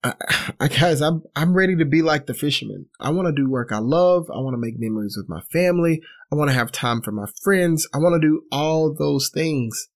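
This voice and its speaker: A man in his thirties with a fairly high voice, talking to viewers in a personal vlog. He speaks in an earnest, reflective way and uses casual fillers. His voice stays light as he works through his thoughts. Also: brisk. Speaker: vlogger.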